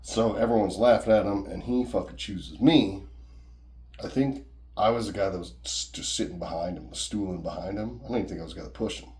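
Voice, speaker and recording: A man's voice: on the low side, a little fast, darkish tone. A man casually telling a personal story in a rambling, profane, conversational way.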